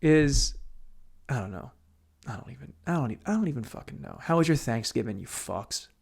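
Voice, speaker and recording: A man's voice: mid-range voice, expressive, a little fast, vocal fry. A young man hosting a solo podcast from a room at home, rambling crudely and mocking himself, swearing freely as he talks to no one. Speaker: podcast host.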